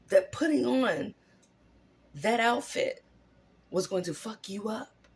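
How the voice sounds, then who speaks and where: Gravelly voice ranting and storytelling, swears a lot, swings up and down, takes it slow. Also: mid-range voice. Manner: animated, profane, rhetorical questions. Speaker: channel host. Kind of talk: profane storytelling commentary.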